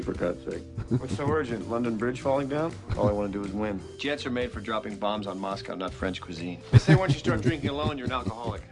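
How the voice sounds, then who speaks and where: A man's voice: mid-range voice, close to an everyday voice. An actor playing a witty, hard-drinking older male ad executive, delivering dry sardonic one-liners.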